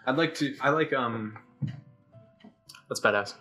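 A man's voice: medium pitch, a little slow, pushed and bright, soft background music. A man chatting casually on a podcast, laid-back, with short easy replies. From United States. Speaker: podcast co-host. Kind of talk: casual chat.

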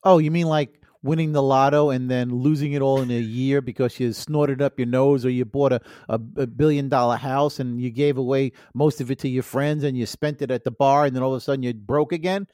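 A man's voice: mid-range voice, steady tone, fairly quick, few pauses, dark tone, dry recording, clean studio sound. A man co-hosting a comedy podcast, trading jokes with sly innuendo and mock offense. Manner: wisecracking, innuendo-prone, playfully mock-offended. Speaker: podcast co-host. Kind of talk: joking banter.

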